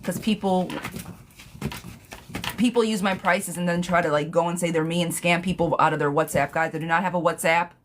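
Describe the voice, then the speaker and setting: A woman's voice: on the low side, fairly even intonation, a little fast, slight background noise. A young woman reading tarot on a live stream, casual and sassy, who laughs often and swears freely.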